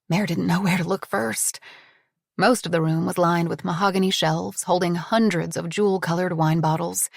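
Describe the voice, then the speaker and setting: A woman narrating an audiobook in a measured, descriptive reading. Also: fairly low pitch, vocal fry, no echo, studio quality. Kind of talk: scripted narration.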